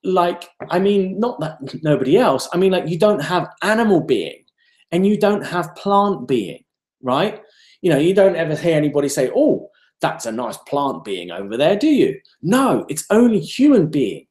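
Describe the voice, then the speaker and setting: Animated man speaking in an echoey room. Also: high-pitched, moderate pace. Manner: animated, storytelling with rhetorical questions. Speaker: self-development speaker. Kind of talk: live online talk.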